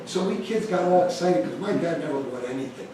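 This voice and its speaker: Heard from far off in an echoey, large church hall with a crowd in the background, an American man in middle age speaks fast in a slightly high voice. His stewardship talk is conversational and full of personal stories, and he becomes increasingly animated as he tells them.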